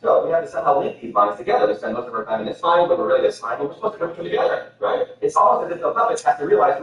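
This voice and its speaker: A man teaching a spiritual lecture, explaining ideas in a lively way and pointing to props and a board. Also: mid-range voice, rapid-fire, few pauses. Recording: echoey, distant, dull.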